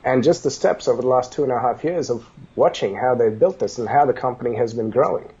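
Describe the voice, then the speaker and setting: Animated storytelling man, husky warm voice. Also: mid-range voice, fast talker, dull audio. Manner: animated, acts out dialogue in stories. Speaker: business guest. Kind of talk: casual interview storytelling.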